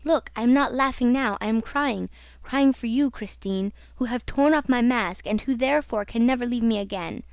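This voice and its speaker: A tormented masked man who roars and hisses in rage and grief, as a woman narrator reads him. The voice stays fairly high and the delivery is slow and dramatic. The audiobook recording is dry and close. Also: clean tone, dry recording, natural voice. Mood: anguished. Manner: roaring and hissing. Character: raging tormented masked man, monstrous and grieving.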